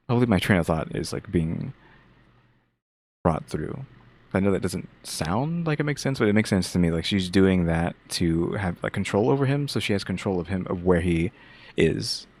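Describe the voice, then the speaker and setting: A man co-hosting a reaction show, thinking out loud in a hesitant, rambling way as he gives his take. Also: low-pitched. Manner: thinks aloud, hesitant with many fillers and restarts. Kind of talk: casual commentary.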